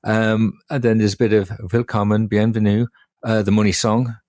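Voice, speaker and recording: A man's voice: on the low side, little pitch movement, moderate pace, a little mellow, no echo, clean studio sound. A man co-hosting a podcast in casual, rambling chat, with many hesitations. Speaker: podcast co-host.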